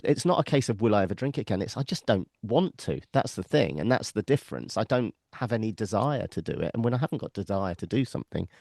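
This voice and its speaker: A man's voice: on the low side, animated, quick pace, gravelly, hardly any pauses, darkish tone, dry recording, studio quality. A man co-hosting a podcast, talking reflectively and laughing easily. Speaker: podcast co-host. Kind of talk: casual podcast chat.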